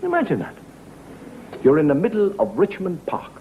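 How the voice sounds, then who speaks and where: A man doing a stand-up monologue with wry, deadpan storytelling in a TV studio. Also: high voice, moderate pace. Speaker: comedian. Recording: dull lo-fi TV recording with faint hiss.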